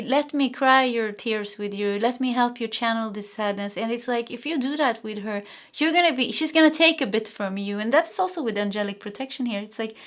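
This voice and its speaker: A Swedish-born woman giving a pick-a-card tarot reading, encouraging and rambling, with many restarts and soft laughs. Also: on the high side. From Sweden. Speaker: tarot reader.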